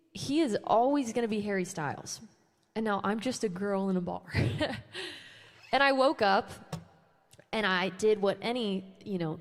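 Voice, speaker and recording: A woman's voice: medium pitch, big-room sound. Chatty young woman songwriter on stage. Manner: casual, self-deprecating, laughs often, many "um" and "like". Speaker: singer-songwriter. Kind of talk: chatty storytelling between songs at a live show. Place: church hall with a live audience.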